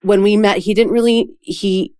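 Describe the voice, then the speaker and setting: A woman's voice: medium pitch, steady tone, darkish tone, clean tone, no room sound, clean studio sound. A woman hosting a podcast, reacting effusively and chatting casually. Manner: effusive, reactive, quick to laugh. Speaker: podcast host.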